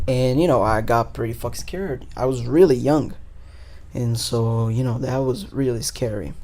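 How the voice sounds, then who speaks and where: A man's voice: medium pitch, unhurried, pauses often, darkish tone. A young man, a podcast host telling a story in loose, casual talk full of swearing and fillers. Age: 20s.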